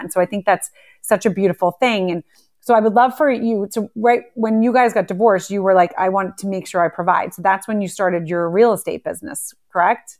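A woman's voice: medium pitch, darkish tone. A woman hosting an interview, reflecting back on her guest's story in an affirming, conversational way.

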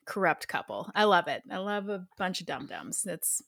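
Lively, giggly woman co-host. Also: lowish voice, moderate pace, vocal fry, no room sound, studio quality. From Dayton, Ohio. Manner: giggly, joking banter. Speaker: podcast co-host. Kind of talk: casual chat.

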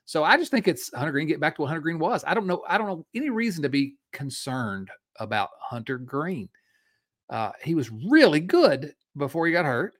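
Man, 40s, Midwestern accent, lively pitch, podcast co-host, laughs easily. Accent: Midwestern American. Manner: animated, chatty, quick to laugh. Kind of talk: casual sports talk.

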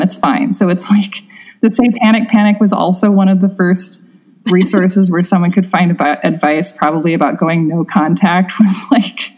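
A woman speaking as a guest on a podcast, her voice sitting a little low. She talks in a chatty, wry way, with plenty of filler words. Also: a little mellow. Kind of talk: casual conversation.

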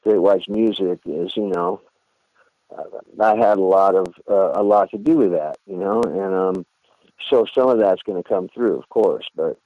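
Interviewed as a guest, a male band singer rambles casually in a low voice at a moderate pace, peppering his talk with "you know" as he spins animated stories. The audio has no echo and sounds like it came over a phone.

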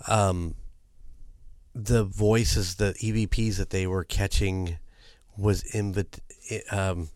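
A man co-hosting a podcast, talking in a rambling, halting way with many fillers. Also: low voice, flat delivery, darkish tone, no room sound, studio quality. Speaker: podcast co-host. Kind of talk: casual chat.

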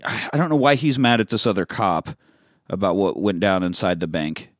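A man hosting a casual film podcast, retelling scenes with animated energy and plenty of swearing. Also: sits low, moderate pace, dry recording, studio quality. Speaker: podcast host.

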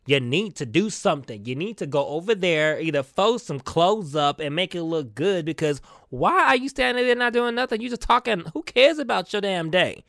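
Young woman vlogger venting to camera, fed up and foul-mouthed, pitch jumping all over, dry close sound. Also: lively intonation, moderate pace, creaky, hardly any pauses, no room sound. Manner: exasperated, profane, swings between loud and quiet; rhetorical questions to the audience. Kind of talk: casual comedic rant to camera.

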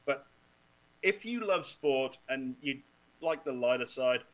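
A man from Wales, a guest on a sports podcast, telling lively stories, swearing freely and laughing often. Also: mid-range voice, slow pace, low-quality recording. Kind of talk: casual chat.

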